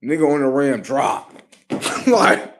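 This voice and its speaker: A man rambling on a casual livestream, profane and slangy, laughing often and swinging between loud outbursts and low mumbles. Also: lively intonation, takes it slowly.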